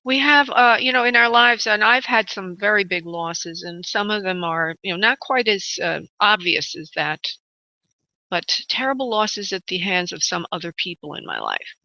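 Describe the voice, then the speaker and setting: Bright-voiced woman calling callers darling. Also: mid-range voice, expressive, moderate pace, no echo. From United States. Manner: calls callers honey and darling, rambling and chatty. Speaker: psychic medium radio host. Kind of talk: call-in radio show chat. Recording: dull lo-fi internet radio audio.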